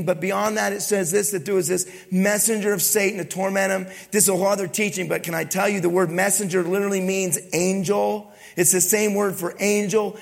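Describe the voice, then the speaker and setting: A man preaching a sermon to his congregation, often dropping to a hushed, intimate tone. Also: high-pitched, vocal fry, big-room sound. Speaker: pastor. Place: church sanctuary.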